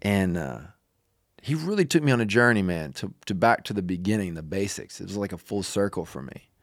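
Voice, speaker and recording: A man's voice: sits low, animated, a little fast, no echo, studio quality. A young male preacher telling a personal story in a loose, casual way with many fillers.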